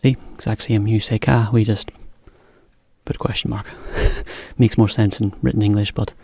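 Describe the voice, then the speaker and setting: A man giving a relaxed English lesson to Japanese learners, explaining with simple examples. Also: lowish voice, normal speed, creaky, dry recording. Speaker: English teacher.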